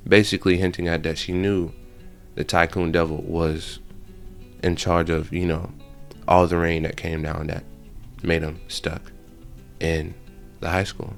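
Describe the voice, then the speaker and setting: Gravelly low-voiced man recapping a movie. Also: moderate pace, long pauses, soft background music. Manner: animated storytelling with slang and profanity. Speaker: channel host.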